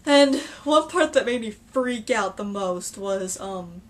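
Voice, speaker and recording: A woman chatting casually in a film reaction video, excitable and gushing, with many restarts and filler words. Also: mid-range voice, slow, far from the mic.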